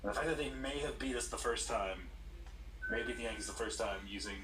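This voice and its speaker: A man's voice: mid-range voice, fairly quick, fairly bright tone, slight background noise, rough recording. A man co-hosting a casual live chat, complaining bluntly about a baseball team and swearing freely. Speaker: podcast co-host.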